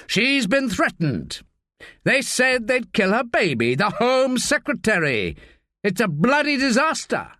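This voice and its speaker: A man's voice: extremely high pitch, huge pitch swings, a little slow, pushed and bright, dry recording, studio quality, pitched above the performer's own voice, full character voice. A man voicing a bossy, agitated senior male police officer, swearing and barking orders.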